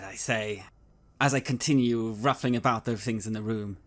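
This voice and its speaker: A man's voice: fairly low pitch, normal speed, a bit bright. A man playing in a tabletop game, stating his character's actions plainly. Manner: plain, decisive statements of action. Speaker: player.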